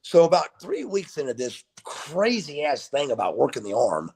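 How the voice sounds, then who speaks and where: Man, middle-aged, wrestler guest, animated storyteller, raspy, creaky. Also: fairly high pitch, moderate pace. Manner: animated storyteller who acts out quoted dialogue. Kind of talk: casual storytelling interview.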